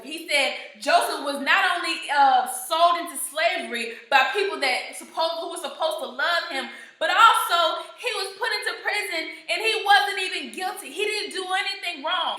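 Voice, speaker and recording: A woman's voice: very high voice, pushed and bright, reverberant. A woman giving an earnest devotional teaching, stressing points through emphatic repetition. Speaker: Bible teacher.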